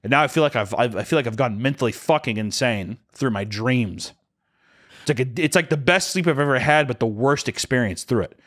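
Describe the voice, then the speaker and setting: Speaking briskly in a mid-range voice, a young man co-hosting a podcast tells a funny, profanity-laced story. He animatedly performs each character's voice, with screams in the quotes.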